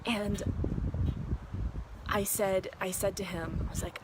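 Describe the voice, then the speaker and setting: A woman's voice: medium pitch, steady tone, normal speed, long pauses, heavy background noise. A woman in her thirties telling a candid, rambling story to her viewers, swearing freely and breaking off to talk to her kids. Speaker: vlogger and mother. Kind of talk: casual confessional vlog. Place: vacation cabin in the mountains.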